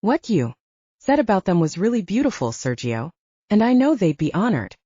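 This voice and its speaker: Woman voicing a smooth, wry young man. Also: medium pitch, big pitch swings, moderate pace, dark tone, dry recording. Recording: dull dry audiobook recording.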